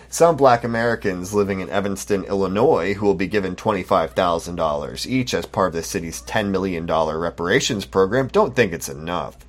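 A man hosting a solo podcast, talking in a sarcastic, mocking commentary style. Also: on the low side. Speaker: podcast host.

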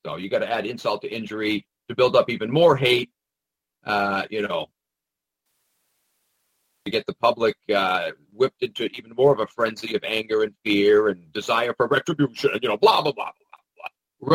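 In a low-quality recording free of room sound, a man with a lowish, fairly bright, husky voice offers sarcastic, meandering commentary at a moderate pace. He pauses often, hesitating frequently and tossing in mocking asides.

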